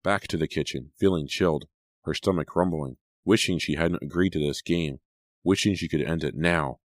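A man narrating a horror audiobook in a measured, suspenseful reading. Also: a bass voice, no room sound.

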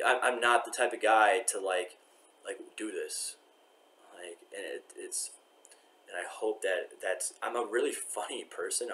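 Rambling, low-voiced man muttering on camera. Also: a bit bright. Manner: hesitant and rambling, with many restarts and fillers; voice often drops low and trails off to a mutter. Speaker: vlogger. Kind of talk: rambling vlog monologue. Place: courthouse waiting area.

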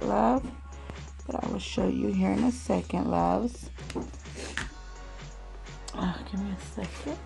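A woman hosting a craft swap unboxing vlog at home, talking slowly and gently and calling viewers "love" again and again. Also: mid-range voice, gravelly, low-quality recording. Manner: slow, gentle, calls viewers "love" often.

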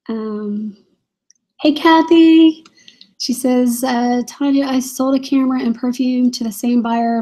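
A woman chats casually on a live stream, reading out viewer questions and answering them as she goes. Her voice sits a bit high but has a soft, mellow tone. She rambles, fills gaps with ums, and laughs easily. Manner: chatty and rambling, laughs often, many fillers. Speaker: reseller host answering live viewer chat.

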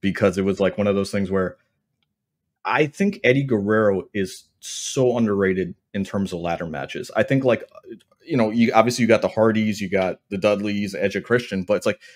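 A man co-hosting a wrestling podcast, joking and rambling in casual chat. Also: on the low side. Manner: joking, rambling, fast bursts. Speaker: podcast co-host.

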